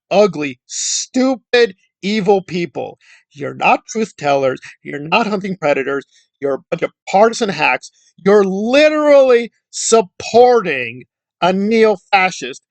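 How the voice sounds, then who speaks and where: A man rants to camera in a scornful, insulting tone and hammers the same points again and again. His pitch swings widely as he mocks and scolds. The sound is dry and close, with no room around it. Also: gravelly, no room sound. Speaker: YouTube commentator. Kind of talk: angry commentary rant.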